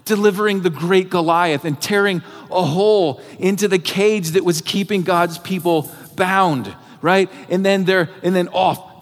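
A man with a high voice preaches to his congregation in an earnest, conversational way, often padding his phrases with "like". His words ring out with a long reverb in a church sanctuary. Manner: conversational, earnest, many filler "like"s. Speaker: pastor. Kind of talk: sermon.

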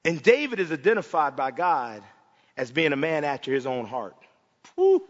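A man preaching a passionate sermon in a church, swinging between loud cries and hushed, quiet lines. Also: on the high side, big pitch swings, normal speed. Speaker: pastor. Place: church sanctuary. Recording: dull sound with long hall reverb.

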